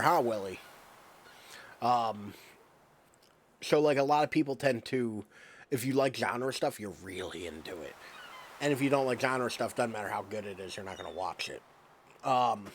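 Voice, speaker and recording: A man's voice: medium pitch, a little hiss or hum. Rambling casual man streaming a game. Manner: rambling, many "like" fillers. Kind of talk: casual gameplay chat.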